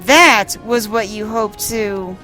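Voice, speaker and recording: A woman's voice: mid-range voice, slow, over music, close to an everyday voice. A woman reading the lines of an earnest young male scholar from a video game, solemn and urgent.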